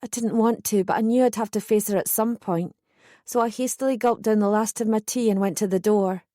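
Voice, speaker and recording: A woman reading a first-person audiobook in measured, steady scripted narration. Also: medium pitch, dry recording, clean studio sound.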